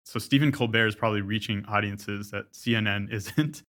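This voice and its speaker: A man's voice: lowish voice, moderate pace, a bit bright. A man interviewing a guest, asking thoughtful questions and hedging his points. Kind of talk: casual interview conversation.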